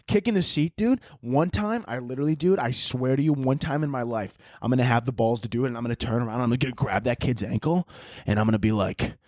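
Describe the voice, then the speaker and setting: A man's voice: medium pitch, quick pace, darkish tone, no room sound, studio quality. A young man hosting his own podcast, ranting casually with lots of swearing and laughing at his own jokes. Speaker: podcast host. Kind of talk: casual solo rant.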